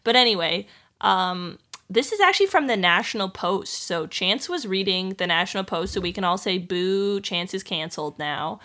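A woman's voice: mid-range voice, lively intonation, normal speed, pushed and bright. A woman co-hosting a casual podcast, chatty and full of fillers as she explains a news story she researched. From Canada. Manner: chatty, filler-heavy, laughing while explaining. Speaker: podcast co-host.

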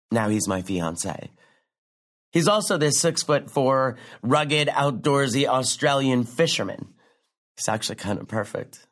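A sardonic young comedian rambles through a profane stand-up story, her pitch leaping high and then sinking low for a deadpan aside. She sounds brash and self-mocking, in a scripted drama. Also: heavily acted.

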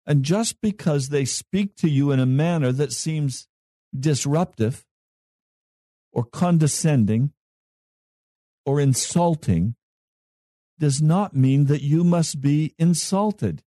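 A male pastor preaching a sermon in a slow, measured way with long pauses. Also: on the high side, mellow, no room sound, clean studio sound.

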